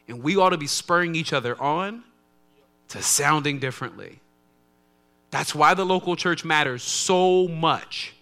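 A male pastor delivers a sermon in a conversational, preaching style. His voice is bright and forceful, sitting a little high for a man. He moves between soft, low asides and loud, emphatic lines.

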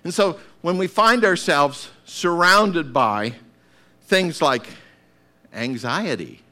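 A male preacher delivering a sermon with a bright, forceful tone. His pitch swings widely while his delivery stays slow and deliberate. He dramatizes scenes by acting out voices and breaking into shouted calls to get up. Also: lively intonation.

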